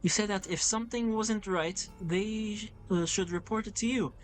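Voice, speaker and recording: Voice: medium pitch, normal speed, soft background music, close to an everyday voice. A gamer reading aloud the lines of a teenage girl who is anxious about her family, in a plain everyday voice with a pleading tone. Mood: worried. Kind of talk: reading game dialogue aloud.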